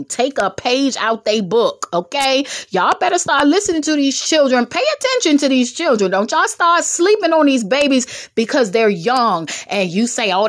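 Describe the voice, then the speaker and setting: Bubbly woman host, lively preachy talk. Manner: bubbly, humorous, exhorting with sudden pitch jumps. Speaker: podcast host. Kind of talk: preachy motivational podcast talk.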